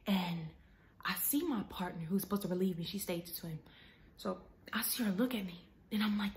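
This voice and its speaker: A young woman telling a story to her viewers, talking to them casually and dramatically, and often dropping to a hushed whisper. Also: mid-range voice, fast. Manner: chatty, addresses viewers as y'all.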